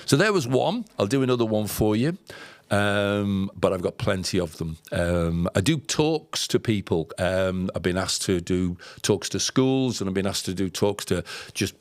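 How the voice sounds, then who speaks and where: Brief: low, gravelly male storyteller, dry close sound, halting and heartfelt. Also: animated, dry recording. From England. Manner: emotional, halting, many fillers and restarts. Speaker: podcast guest storyteller. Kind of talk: casual anecdotal storytelling.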